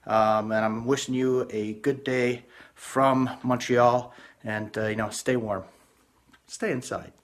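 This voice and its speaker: A man's voice: medium pitch, steady tone, slow pace. Dry-witted man giving a comic weather report. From Canada. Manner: dry, self-mocking asides.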